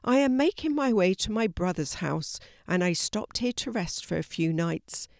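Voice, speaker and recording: A woman reading the part of a well-spoken older male tramp who talks in a calm, matter-of-fact way. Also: on the low side, normal speed, creaky, no room sound, clean studio sound. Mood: calm, polite.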